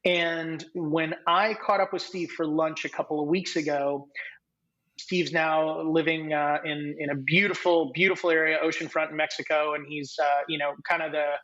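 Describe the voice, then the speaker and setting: Animated storytelling man in his thirties. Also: on the high side, normal speed, dull audio. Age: 30s. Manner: animated, acts out quoted dialogue. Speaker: podcast guest. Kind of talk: casual interview storytelling.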